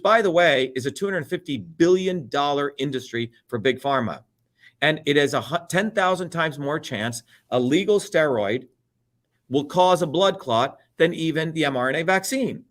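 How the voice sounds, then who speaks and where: This man speaks in a fairly high voice and rants with heat and plenty of swearing. He hammers his points home as an interview guest, chanting the same line over and over. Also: expressive, normal speed, a bit bright. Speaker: political candidate guest. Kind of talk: heated profane rant.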